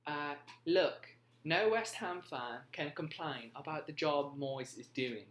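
A man's voice: fairly high pitch, slow pace, a bit bright, voice pushed up. A man voicing a brash British football pundit and fan, in a strained mock British accent. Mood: confident. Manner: upbeat, confident punditry. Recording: roomy echo.

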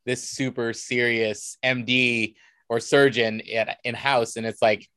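Animated American man telling stories. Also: medium pitch, unhurried, clean tone, no echo. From United States. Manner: animated, enthusiastic anecdote telling. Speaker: cosplayer guest. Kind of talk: casual conversational storytelling.

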